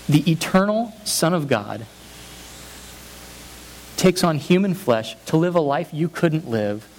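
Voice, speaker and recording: The audio is low quality with a faint hiss, and the man's voice sits a little high. Acting as pastor, he preaches with earnest emphasis and builds each point through repeated phrasing.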